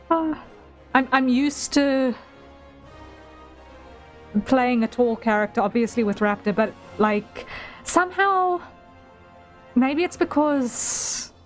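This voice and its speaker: A woman game streamer chatting casually while playing, musing and thinking aloud with small repeats. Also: fairly high pitch.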